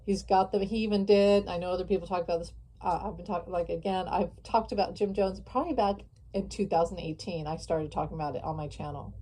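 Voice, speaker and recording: A woman's voice: fairly low pitch, steady tone, fast talker, warm tone, husky, rough recording. A woman hosting her own channel, delivering an impassioned political monologue straight to her viewers, repeating her points for emphasis. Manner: impassioned, repetitive, addresses viewers directly. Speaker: channel host. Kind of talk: opinionated political vlog monologue.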